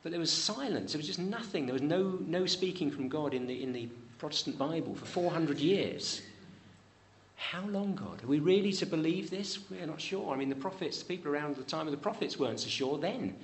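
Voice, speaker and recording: A man preaching a sermon in a church. He rises high on pleading questions and drops low and soft on promises. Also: lively intonation, brisk.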